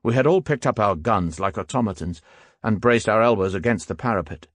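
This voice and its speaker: A man narrating a first-person war memoir audiobook in a steady, grave manner. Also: lowish voice, fairly quick, dry recording.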